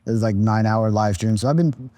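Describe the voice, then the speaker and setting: A man's voice: lowish voice, fast, warm tone. A man in his thirties sounds tired as he talks on a podcast. He rambles in a loose, laid-back way, swearing freely and restarting his sentences. His voice is dry and close, with no room echo. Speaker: podcast guest, content creator. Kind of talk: casual podcast chat.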